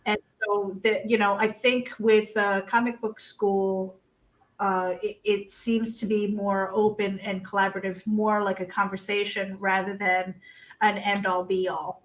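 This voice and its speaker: Woman on a comics panel, thinking out loud, lots of restarts, mid voice. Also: mid-range voice, level tone, low-quality recording. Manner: thoughtful, halting, many restarts. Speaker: panel guest. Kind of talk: casual panel chat.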